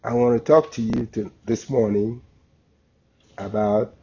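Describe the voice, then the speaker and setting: Slow, husky-voiced man preaching. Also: medium pitch, steady tone, warm tone. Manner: slow, emphatic storytelling with pauses. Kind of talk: sermon. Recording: dull lo-fi recording.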